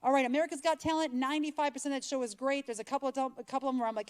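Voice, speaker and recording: Chatty, animated woman speaker. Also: high-pitched, very fast, hardly any pauses. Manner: chatty, animated, acts out little dialogues. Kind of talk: conference talk.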